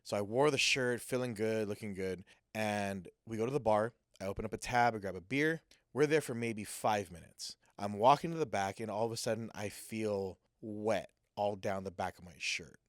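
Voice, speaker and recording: Lower-voiced man telling a story. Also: normal speed, few pauses, no room sound, studio quality. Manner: animated, acts out what people said. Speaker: guest sharing a personal testimony. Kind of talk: casual spoken storytelling.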